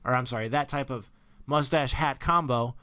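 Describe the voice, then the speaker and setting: A man's voice: mid-range voice, moderate pace, bright, forceful tone, clean tone, no room sound, clean studio sound. A young man co-hosting a podcast, chatting casually about a movie, laid-back, laughing often and swearing offhand. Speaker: podcast co-host.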